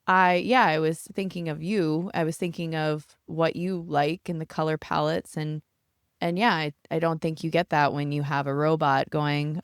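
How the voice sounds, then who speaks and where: Aboard a family yacht, a woman who is a podcast co-host and photographer chats casually, acting out quotes and laughing often in animated storytelling. Her voice sits low, clear and resonant at a moderate pace, in clean studio quality with no echo.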